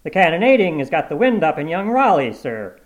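A man's voice: fairly high pitch, big pitch swings, a little fast, dull audio, pitched above the performer's own voice. A man reading aloud and voicing an anxious army sergeant who speaks urgently and deferentially.

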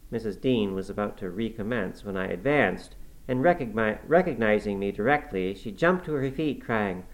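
A man narrating a classic novel in the first person, in a measured, even storytelling manner. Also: lowish voice, low-quality recording. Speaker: audiobook narrator.

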